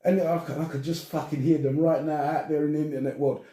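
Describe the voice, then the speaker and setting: An older man hosting a casual podcast chat, animated and swearing as he rants. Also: a little high, moderate pace. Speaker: podcast host. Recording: echoey room, distant from mic.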